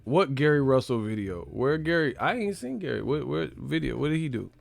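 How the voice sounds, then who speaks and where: Gravelly-voiced profane livestream host. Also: male voice, medium pitch, very animated, a little fast, faint music behind. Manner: profane, mocking, reacting to chat. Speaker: live stream host. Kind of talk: casual livestream commentary.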